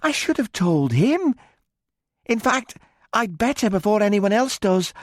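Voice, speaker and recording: A man's voice: high voice, big pitch swings, unhurried, no echo, studio quality, heavily acted. A man voicing an anxious, snobbish young woman in an audiobook, breathless and fluttery. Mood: fretful.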